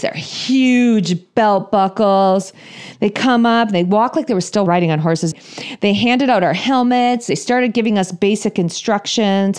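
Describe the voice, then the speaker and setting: A woman in her thirties or forties tells a humorous personal story, animated and self-deprecating, acting out her own thoughts. Her voice sits in the mid-range.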